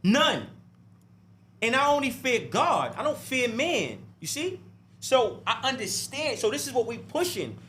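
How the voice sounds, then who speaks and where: A man's voice: very high-pitched, big pitch swings, measured pace, sharp tone, slight background noise. A man talking as an interview guest in a heated podcast discussion, blunt, profane and preachy, often asking "right?" and "you see?" and restarting words when fired up.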